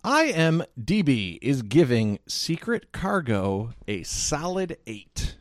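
A man's voice: fairly high pitch, takes it slowly, no echo. Teasing podcast co-host man. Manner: teasing, chuckling, relaxed banter. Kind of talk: casual chat.

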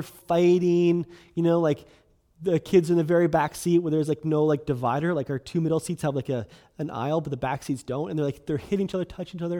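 A man's voice: fairly high pitch, mellow. A man in his thirties preaching a sermon as a pastor, in a conversational way, often asking "right?" and saying "like".

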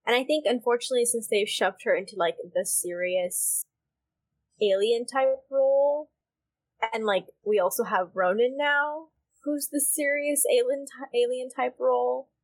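A woman co-hosting a podcast in casual chat, heated and emphatic, swearing freely. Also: a little high. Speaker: podcast co-host.

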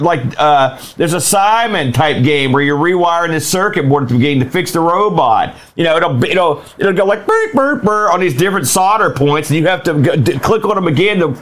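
A man's voice: a little high, a bit bright. A man co-hosting a casual retro game review show, rambling and ranting with exasperation. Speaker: co-host reviewing retro games. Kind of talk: casual chat.

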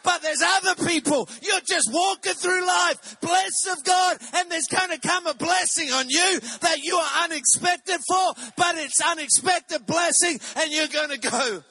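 A man preaching a sermon, swinging from shouting to quiet emphatic lines. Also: very high voice, unhurried, hardly any pauses, dry recording, rough recording.

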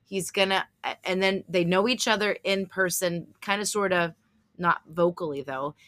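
A woman's voice: on the low side, fairly even intonation, moderate pace, fairly bright tone. A woman co-hosting a podcast, chatting casually about holiday movies, speculating and laughing often. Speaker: podcast co-host.

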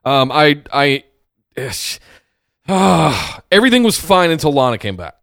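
A laid-back man co-hosting a casual chat, often restarting his sentences and slipping in dry humor. His voice is smooth and clear at a middle pitch. The recording is dry and close. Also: sing-song, a little slow, fairly bright tone, no echo. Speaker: podcast co-host.

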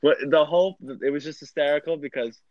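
Young male friend, excitable teasing storyteller, highish voice. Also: quick pace, dry recording, muffled recording. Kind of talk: casual chat.

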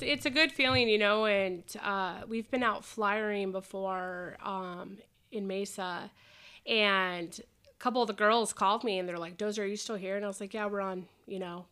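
Bright-voiced woman telling stories. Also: mid-range voice, normal speed, smooth. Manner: animated storyteller, acts out quoted voices. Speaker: podcast guest, roller derby skater. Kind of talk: casual interview chat.

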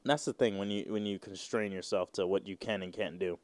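A man's voice: sits low, steady tone, brisk, darkish tone, dry recording. A man in his twenties hosting a solo podcast, rambling and joking with plenty of profanity. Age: 20s. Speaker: podcast host. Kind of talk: casual solo podcast rant.

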